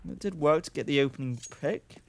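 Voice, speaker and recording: Chatty male esports caster, slightly high voice. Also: brisk, slight background noise. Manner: chatty, joking asides between calls. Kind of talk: live play-by-play commentary.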